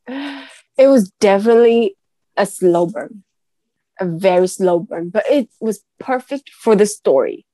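A woman co-hosting a casual book podcast, gushing and giggly as she talks through a read. Her voice is mid-pitched and recorded close and dry. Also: unhurried, dry recording. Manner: gushing, giggly, animated reviewer. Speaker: podcast co-host.

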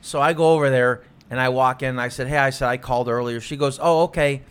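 A young man co-hosting a podcast tells a story in casual chat, rambling with plenty of fillers and restarts. His mid-range voice is a bit bright and smooth, with fairly even intonation and a fast pace.

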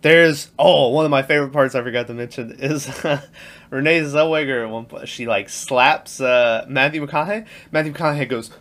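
A man's voice: medium pitch, normal speed, a bit bright. A man in casual movie chat who laughs often, acts out lines from the film and swears freely. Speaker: podcast co-host.

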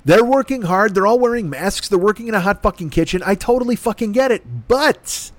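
A man's voice: sits high, animated, fairly quick, hardly any pauses, no room sound. A man from Chicago telling an exasperated, profanity-laced story in a casual podcast monologue.

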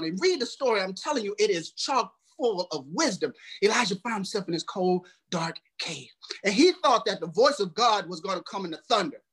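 A man with a very high-pitched, sharp voice preaches a folksy, humorous sermon directly to the congregation. He's hot and sweating from the heat.

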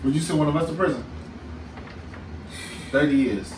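Young man, podcast co-host: high, swinging pitch, laughing banter, roomy room, mic well off. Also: moderate pace, crowd noise. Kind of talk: casual group chat. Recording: roomy, distant mic with loud noise.

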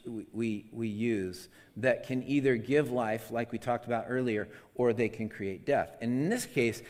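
Male preacher, earnest and conversational, frequent restarts, mid-pitched voice, long hall reverb. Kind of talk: devotional teaching.

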